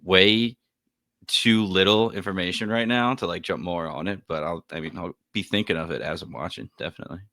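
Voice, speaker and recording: A man with a very low voice co-hosting a TV podcast. He rambles easily and fills his talk with "like" and "you know". The recording is dry. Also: brisk, dry recording. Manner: relaxed, rambling, many fillers. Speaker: podcast co-host. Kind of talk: casual podcast chat.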